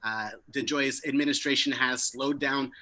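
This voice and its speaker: Bright-voiced young man doing stand-up. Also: medium pitch, normal speed, slight background noise. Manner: deadpan jokes with sudden bursts of loud emphasis. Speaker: stand-up comedian. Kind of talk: stand-up set over a video stream.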